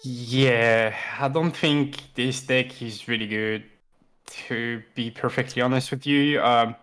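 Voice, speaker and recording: A man's voice: medium pitch, steady tone, slow pace, a bit bright, clear, resonant tone, low-quality recording. Laid-back male analyst. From France. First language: French. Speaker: co-caster, game analyst. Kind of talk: game commentary.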